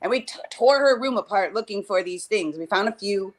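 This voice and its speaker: A woman's voice: medium pitch, expressive, fairly quick. A woman chatting casually on a live stream call, rambling with many restarts and acting out quotes. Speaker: mother discussing cardology. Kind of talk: casual chat. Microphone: remote call.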